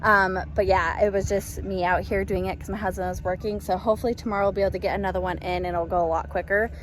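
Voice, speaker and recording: A woman, chatting casually and excitably with lots of ums while she does a backyard gardening how-to. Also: mid-range voice, fast talker. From Texas. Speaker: gardening vlogger. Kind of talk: casual outdoor how-to vlog. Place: outdoors in a backyard. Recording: outdoor noise behind the voice.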